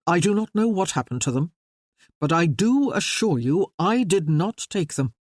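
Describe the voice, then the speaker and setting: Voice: medium pitch, very animated, moderate pace, dry recording, studio quality. A narrator as an earnest reserved nobleman.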